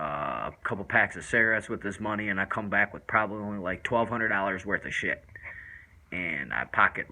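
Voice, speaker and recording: Bright-voiced man telling a street story. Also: lowish voice, low-quality recording. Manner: loose, rambling street slang with many fillers. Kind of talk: casual first-person storytelling.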